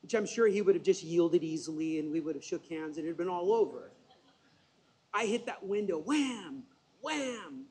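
Husky-voiced man telling a sermon story. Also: a little high, a little fast, poor audio. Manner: animated, conversational storytelling with self-deprecating asides. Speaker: preacher.

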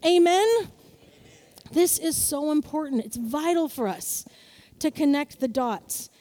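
High-voiced woman preaching animatedly. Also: measured pace. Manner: animated, playful storytelling with acted-out voices. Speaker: pastor. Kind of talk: sermon.

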